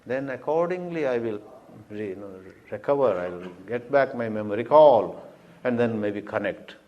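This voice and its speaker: A man's voice: mid-range voice, expressive, moderate pace, highs cut off, natural voice. A man voicing a courteous son in heaven who speaks hesitantly and apologetically. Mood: apologetic. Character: polite young son in heaven, gently apologetic.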